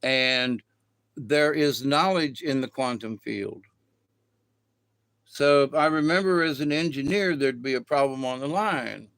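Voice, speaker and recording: A man's voice: mid-range voice, a little slow, a bit bright, clean tone, dry recording, studio quality. A middle-aged man rambling casually in a folksy, colloquial way through a spiritual monologue. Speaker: vlogger.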